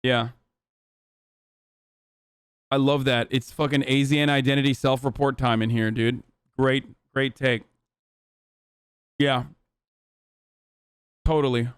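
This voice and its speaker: A man's voice: medium pitch, little pitch movement, slow pace, pauses often, clean tone, dry recording, clean studio sound. A man streaming live, reacting to a video with rambling, profane, emphatic commentary.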